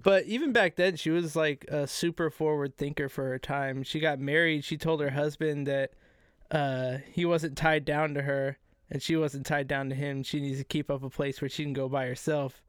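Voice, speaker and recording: A man co-hosting a casual podcast, telling history in a profane, excitable way. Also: on the high side, normal speed, clean tone, no room sound, studio quality. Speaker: podcast co-host. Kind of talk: casual chat.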